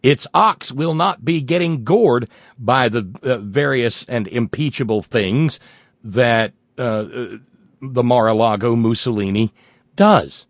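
A man hosting a political talk radio show, sardonic and folksy, reading listener messages and breaking into loud exclamations. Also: medium pitch, slow, no room sound.

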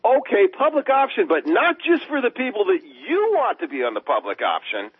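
A man's voice: sits high, wildly swooping pitch, normal speed, breathy edge, no room sound. A man calling in to a radio talk show, arguing his point emphatically. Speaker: caller. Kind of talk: phoned-in call to a radio show. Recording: muffled phone line.

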